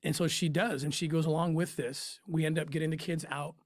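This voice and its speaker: A man in an interview, telling a personal story in an emotional, halting way with pauses and restarts. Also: on the high side, steady tone, no room sound, clean studio sound. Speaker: interview guest, former undercover operative.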